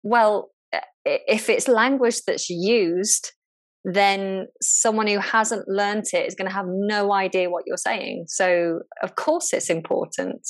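A woman who teaches English, a guest in a relaxed interview, talking thoughtfully and often restarting her sentences. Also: medium pitch, slow. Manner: thoughtful, frequent restarts and repeated words. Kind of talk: casual conversational interview.

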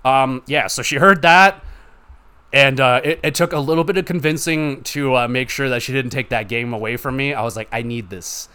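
A man's voice: mid-range voice, moderate pace, pushed and bright, smooth. A young man hosting a solo gaming podcast, rambling casually with lots of swearing and "like" fillers. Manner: rambling, profane, heavy use of "like". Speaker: podcast host.

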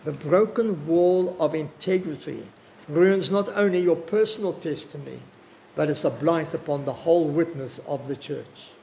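Earnest older preacher, gravelly. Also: male voice, a little high, warm tone, slight background noise. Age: 60s. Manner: earnest, personal, slows for emphasis. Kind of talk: sermon.

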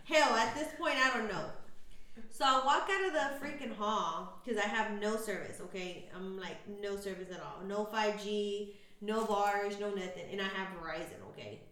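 A woman's voice: mid-range voice, normal speed, pushed and bright, reverberant. Chatty woman. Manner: chatty storyteller, slangy, frequent ums. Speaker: podcast co-host. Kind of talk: casual chat.

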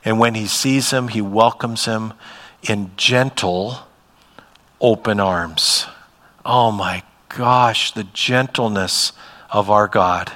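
A man preaching a church sermon in a conversational way, moving between emphatic bursts and hushed, soft passages. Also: lowish voice, takes it slowly, in a large hall. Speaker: pastor. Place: church sanctuary.

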